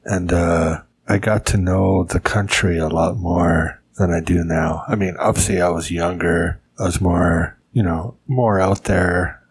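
Deep-voiced man reflecting, faint hiss. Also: steady tone, unhurried, few pauses, low-quality recording. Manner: reflective, hesitant restarts. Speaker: expat panelist. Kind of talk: casual group chat.

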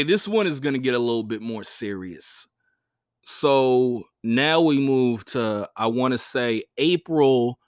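A young adult man, a stand-up comedian, telling gig stories on a podcast in a casual, animated way, swearing freely and acting out the people he quotes. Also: clean tone, dry recording, studio quality. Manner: animated, swears freely, acts out quoted voices with big pitch jumps.

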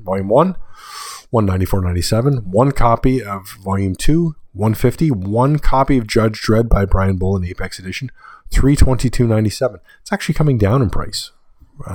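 Male podcast host, casual list-reading delivery with quick asides, close and dry sound. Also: medium pitch, dry recording. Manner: casual, reads through price lists with offhand asides. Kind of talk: solo podcast monologue.

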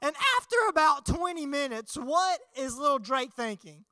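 A young man preaching a sermon, telling a childhood story in an animated way and acting out the voices. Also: very high-pitched, normal speed, no echo. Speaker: pastor.

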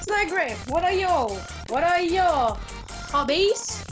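Young woman, high voice, fast crude swear-y podcast host, music playing behind. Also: expressive. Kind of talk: casual podcast chat.

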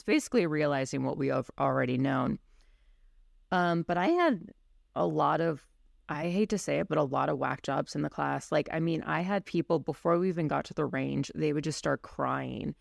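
A woman's voice: deep voice, moderate pace, creaky, dry recording, clean studio sound. A woman co-hosting a podcast and chatting casually about teaching firearms classes, speaking candidly and bluntly with lots of "you know.". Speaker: podcast co-host and firearms instructor.

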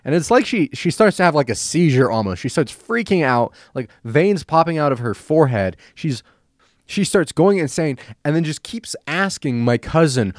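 A man hosting a podcast, ranting casually and telling animated stories. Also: medium pitch, normal speed, dry recording, studio quality. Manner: animated, storytelling. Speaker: podcast host. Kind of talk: casual opinion rant.

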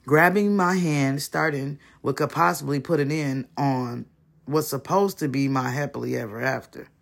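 A man reading a first-person short story aloud, measured and with dramatic pauses. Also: mid-range voice, fairly even intonation, creaky, fairly bright tone. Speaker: story reader.

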